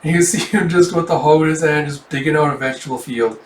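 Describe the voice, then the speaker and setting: A man's voice: fairly high pitch, fast talker, a little hiss or hum. A man casually retelling a manga volume, acting out the characters. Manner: animated, acts out every character. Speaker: manga reader. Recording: roomy, distant mic.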